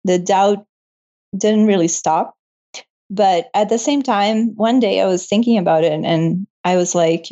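A woman's voice: medium pitch, measured pace, warm tone. A young woman guest and medical student telling her story in a casual interview, laughing often. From moved to Canada. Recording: muffled lo-fi audio.

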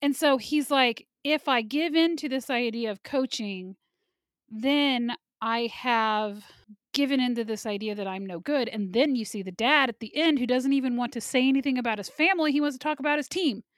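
A woman's voice: a little high, normal speed, no room sound, clean studio sound. A woman co-hosting a podcast, chatting casually and giving strong opinions while she reviews movies. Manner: opinionated, chatty, laughs often. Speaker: podcast co-host.

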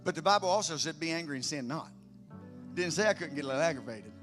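A man, preaching a sermon emphatically, moving between loud declarations and quiet storytelling. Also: fairly high pitch, expressive, quick pace, soft background music. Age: 50s. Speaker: pastor.

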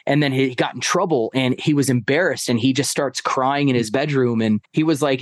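Guy telling a story on a podcast, gets animated doing voices, dry mic sound. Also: medium pitch, brisk, few pauses, no room sound. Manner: animated, acts out quotes of his stepson. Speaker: podcast guest. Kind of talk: casual storytelling.

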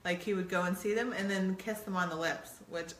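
A woman's voice: medium pitch, fairly even intonation, a little fast, a bit bright, reverberant, a little hiss or hum. A middle-aged woman co-hosting a playful couples quiz game, teasing and laughing often. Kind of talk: casual chat.

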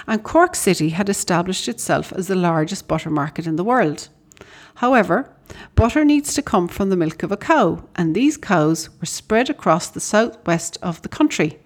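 A woman with an Irish accent, a podcast host, reading out a prepared letter with conversational storytelling asides. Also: lowish voice. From Ireland.

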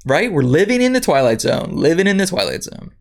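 Woman host, indignant and sarcastic, reads the news then rants, pitch jumps around a lot. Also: very animated, a little fast. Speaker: podcast host. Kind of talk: reading news and commenting.

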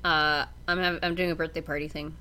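A woman's voice: sits low, little pitch movement, brisk, sharp tone. A woman from Canada co-hosting a podcast in casual chat, giggling often and restarting her sentences. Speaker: podcast co-host.

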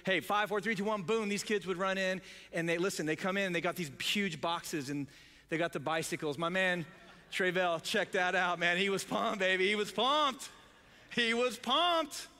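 A male pastor telling a story in a sermon, excited, with many restarts. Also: high-pitched, moderate pace, long reverb tail.

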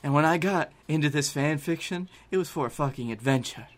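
A man's voice: on the high side, a little fast. A man co-hosting a podcast, reading his part of comic fan fiction in a blunt, profane way. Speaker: podcast co-host.

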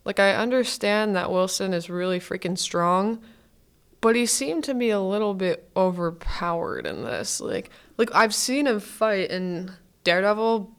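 Woman podcast host, student, casual fan chatter, smooth and clean tone. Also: medium pitch, animated, a little slow. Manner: chatty, gushing, heavy use of "like".

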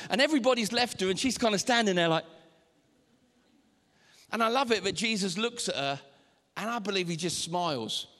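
Animated male pastor, high voice, sermon in a reverberant church hall. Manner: animated, acts out voices and shouts. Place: church auditorium.

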